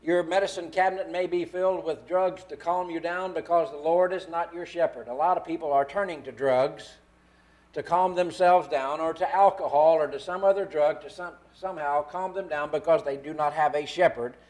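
A man preaching a sermon, stressing key words slowly. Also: a little high, steady tone, a little mellow.

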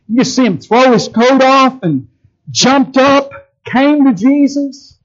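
A man's voice: sits high, animated, measured pace, muffled recording. A man preaching a sermon, asking his listeners rhetorical questions and acting out the quotes he reads. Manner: emphatic, rhetorical questions to the audience, acts out quotes.

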